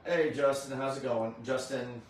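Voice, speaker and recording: A man's voice: mid-range voice, steady tone, normal speed, heavy reverb, distant mic. A tired man hosting a casual chat, rambling with many fillers and restarts. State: tired, yawning. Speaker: host of a convention recap stream.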